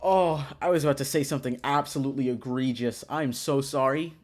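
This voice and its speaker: A game streamer reacting loudly and excitably to a visual novel, swearing often. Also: medium pitch, fairly quick, music in the background.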